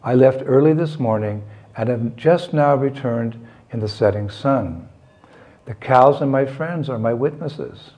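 A man's voice: mid-range voice, unhurried, dull audio, natural voice. A man voicing a mischievous young boy who protests, then pleads with his mother. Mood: protesting.

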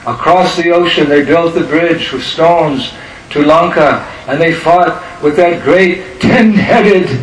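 A man voicing a zealous, excitable male devotee, his voice raised and fervent, in a roomy recording with background noise. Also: a little high, unhurried, close to an everyday voice. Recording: roomy, distant mic with ambient noise.

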